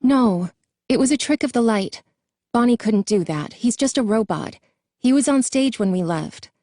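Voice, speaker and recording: A protective teenage older sister speaks firmly and reassuringly, as a woman puts her on for an audiobook. Her voice is mellow and sits a little above the reader's own, and the sound is dry and close. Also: a little high, animated, normal speed, no room sound, pitched above the performer's own voice. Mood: firm reassurance. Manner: soothing but firm.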